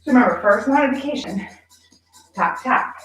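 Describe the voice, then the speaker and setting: A woman's voice: on the high side, lively intonation, normal speed, fairly bright tone. A woman leading a barre workout class, out of breath from exercising and counting reps aloud with short encouraging cues. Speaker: barre fitness instructor. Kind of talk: guided workout class cueing. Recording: echoey room, distant mic, faint background music.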